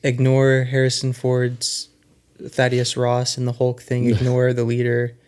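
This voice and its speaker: A man's voice: medium pitch, completely flat delivery, unhurried, a little mellow, clear, resonant tone. A man co-hosting a podcast, musing about alternatives in a casual film chat. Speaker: podcast co-host.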